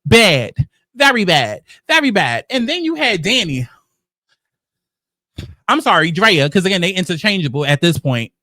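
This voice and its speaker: A man hosting casual reality-show commentary, telling the story in a sassy, profane, animated way. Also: high-pitched, normal speed, pauses often, no room sound. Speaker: commentary host.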